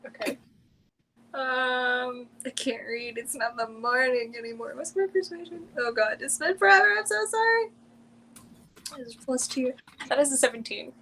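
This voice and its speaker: A woman's voice: high-pitched, moderate pace, distant mic, slight background noise. A woman player in a tabletop game, chatty and apologetic, narrating what her character does. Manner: chatty, apologetic, drops to a hush for in-character lines.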